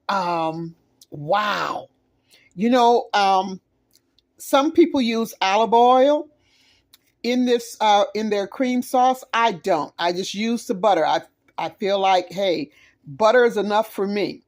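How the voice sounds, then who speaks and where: Slow, gushing Southern woman. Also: medium pitch, a little mellow. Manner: gushing, exclamatory, chatty with viewers; talks while eating. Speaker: home cook, channel host. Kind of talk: casual cooking vlog, taste test. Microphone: phone camera.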